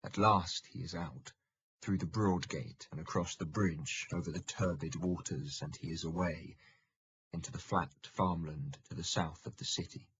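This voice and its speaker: A man reading a historical novel aloud in steady, measured audiobook narration. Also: low-pitched, husky, muffled recording.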